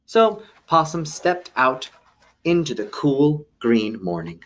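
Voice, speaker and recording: A man's voice: a little high, very animated, slow. A man hosting a children's video lesson, speaking playfully and enthusiastically straight to the kids. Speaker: children's teacher.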